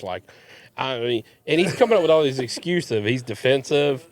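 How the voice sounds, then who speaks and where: A man's voice: medium pitch, fairly quick. A charter fishing captain, a man, telling a story in casual chat and acting out the voices of the people in it. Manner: animated, acts out quoted voices.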